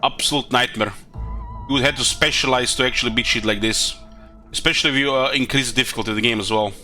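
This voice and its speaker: A man's voice: mid-range voice, fairly even intonation, fast talker, pushed and bright, faint music behind. A man streaming a video game, chatting casually in a rambling, profane way with lots of fillers. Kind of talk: casual gaming commentary.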